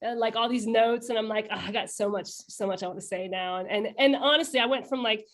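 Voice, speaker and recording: Podcast guest: young woman, slightly high voice, outspoken and profane, loose and chatty. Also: fast talker. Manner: blunt and profane, many fillers and restarts. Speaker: podcast guest, founder of a satire account. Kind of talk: casual interview chat.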